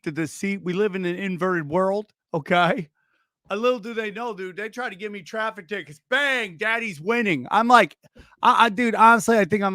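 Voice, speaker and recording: A man with a notably high voice rants through a casual comedy commentary, excitable and loose with his swearing. He keeps breaking off mid-thought to scold a barking dog. The sound is dry and close, with no room around it. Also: no room sound. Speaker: podcast host reacting to videos.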